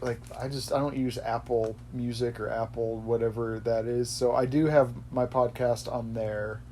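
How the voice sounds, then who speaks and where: A man's voice: mid-range voice, flat delivery, moderate pace, darkish tone, a little hiss or hum. A man hosting a podcast, chatting casually in a rambling way that often corrects itself. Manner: rambling, self-correcting, laughs easily. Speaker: podcast host. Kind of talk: casual chat.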